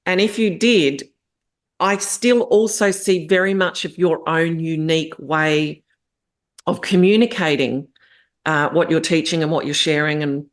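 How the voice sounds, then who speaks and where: A woman hosting a podcast interview who affirms her guest often and asks long, searching questions. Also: low voice. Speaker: podcast host. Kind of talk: interview conversation.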